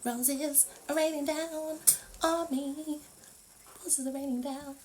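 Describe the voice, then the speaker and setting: A bubbly British woman from the United Kingdom hosts a casual live stream, laughing often and humming little tunes while she waits. Her high voice is steady and a little mellow, unhurried, with slight background noise.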